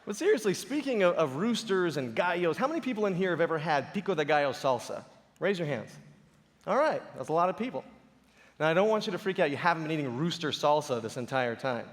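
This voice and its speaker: Guy doing a stage talk, fairly high voice, animated storytelling, big hall echo. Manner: animated storytelling with playful impressions. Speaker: speaker giving a talk. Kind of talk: conference talk to a live audience. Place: large auditorium stage.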